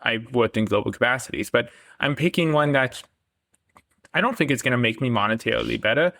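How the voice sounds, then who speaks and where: A man's voice: medium pitch, fairly quick, gravelly, pushed and bright, no echo. A man speaking as a podcast guest in a casual conversation, enthusiastic and self-deprecating, laughing often.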